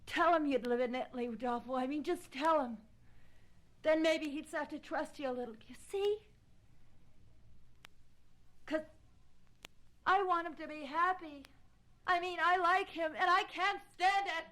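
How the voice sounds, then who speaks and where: A woman's voice: very high voice, unhurried, long pauses, bright, forceful tone, heavily acted, poor audio. An anxious young Brooklyn woman. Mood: earnest. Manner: earnest, pleading, insistent. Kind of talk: film drama acting.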